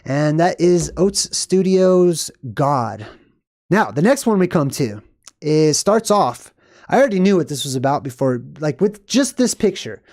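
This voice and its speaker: A man's voice: fairly high pitch, very animated, unhurried, a little mellow, no echo, clean studio sound. A man giving casual, rambling movie commentary in a conspiratorial way, often ending points with "right?".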